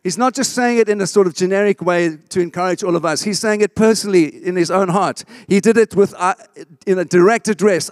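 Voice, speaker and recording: A man's voice: high voice, fairly quick, no room sound, studio quality. A man preaching a sermon, emphatic, often asking the congregation for an amen. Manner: emphatic, asks the congregation for response. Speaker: pastor.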